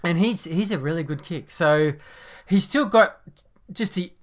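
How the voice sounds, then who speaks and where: A man co-hosting a sports podcast, speaking in a measured way and thinking aloud with pauses. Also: high-pitched, lively intonation. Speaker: podcast co-host. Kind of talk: casual sports chat.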